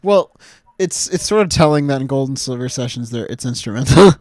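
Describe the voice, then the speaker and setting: A young man chats casually on a music podcast, rambling with enthusiasm and laughing often. His voice sits at an ordinary pitch. The sound is dry and close, with no room audible. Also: animated, a little fast, darkish tone, no room sound. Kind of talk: casual chat.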